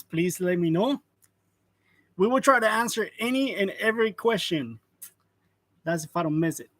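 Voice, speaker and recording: A man in his forties chats casually on a live stream, calling out viewers by name and laughing lightly as he goes. His voice sits fairly high for a man. The sound is dry and close, as from a clip-on mic. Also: a bit bright, no echo. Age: 40s. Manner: greets viewers by name, chuckles often. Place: print shop. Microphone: wireless lavalier.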